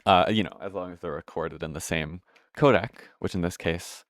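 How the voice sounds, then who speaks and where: A man's voice: low voice, normal speed, dry recording, clean studio sound. A man giving casual, rambling commentary while playing a game, swearing often and poking fun at himself. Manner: rambling, profane, self-deprecating. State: out of breath. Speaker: gameplay streamer.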